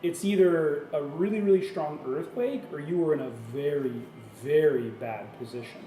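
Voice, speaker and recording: Male game master, halting delivery, fairly high voice, echoey room. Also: dark tone, recorded from a distance. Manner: halting, many fillers and restarts, laughs at himself. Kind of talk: narrating a tabletop game. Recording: echoey room with faint noise.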